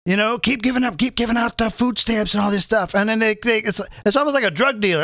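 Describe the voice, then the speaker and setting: A man's voice: high-pitched, fast talker, few pauses, fairly bright tone, a little hiss or hum. A man in his fifties hosting a live comedic political rant, rambling and repeating phrases as he stumbles over restarts. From British American. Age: 50s. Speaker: comedian host.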